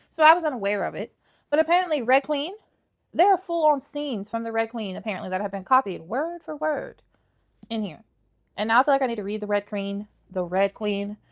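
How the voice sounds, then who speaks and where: A young woman with a fairly high voice gives casual book reviews in a chatty vlog style. She is sassy and emphatic, and she repeats her points for effect.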